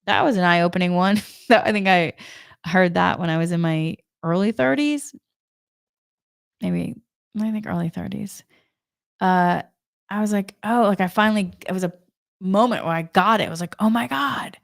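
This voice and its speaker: A woman's voice: on the low side, normal speed, creaky, pauses often, dry recording, studio quality. A woman giving a spiritual energy talk in a chatty way, telling a personal story and laughing often. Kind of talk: casual spoken monologue.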